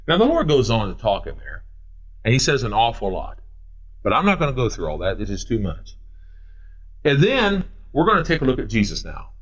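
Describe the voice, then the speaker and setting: A male pastor preaching a sermon. He reads scripture slowly and then explains it in plain, everyday talk. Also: medium pitch. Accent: Midwestern American.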